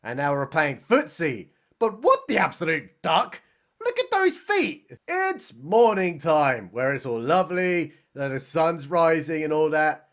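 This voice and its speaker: A man narrating a sarcastic comedic recap of a film as a reviewer, mocking it and swinging between deadpan asides and excited outbursts. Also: a little high, unhurried. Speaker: movie reviewer.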